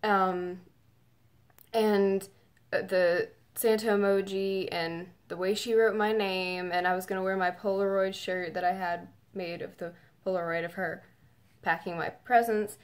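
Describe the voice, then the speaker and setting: A woman's voice: mid-range voice, fairly even intonation, unhurried. A woman telling a personal story in a casual, rambling way with many fillers, close to tears and emotional. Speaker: fan telling her story.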